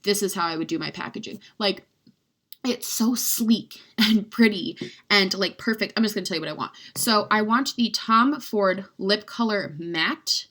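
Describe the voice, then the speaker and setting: Young woman vlogger, casual and rambly, gushes and teases herself, mid-pitched everyday voice. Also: normal speed, hardly any pauses, pushed and bright. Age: young adult. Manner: rambling, chatty, heavy use of "like"; gushing, self-mocking. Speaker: beauty vlogger. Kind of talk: casual chat.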